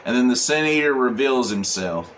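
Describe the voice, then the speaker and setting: A man's voice: medium pitch, lively intonation, normal speed, a bit bright, slight background noise. A man reviewing a comic book, recapping the plot casually with many fillers and "he's like". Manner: rambling, full of "he's like" and "um".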